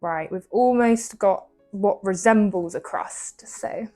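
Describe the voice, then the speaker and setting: Young woman, English accent, chatty home baking vlog, self-mocking, soft music behind. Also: mid-range voice, slow. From England. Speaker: baking vlogger. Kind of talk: casual chat while baking. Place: home kitchen.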